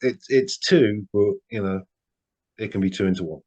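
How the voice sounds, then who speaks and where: A man's voice: lowish voice, normal speed, a little mellow, husky. A man co-hosting a casual film podcast, laid-back, swearing casually and murmuring agreement. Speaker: podcast co-host.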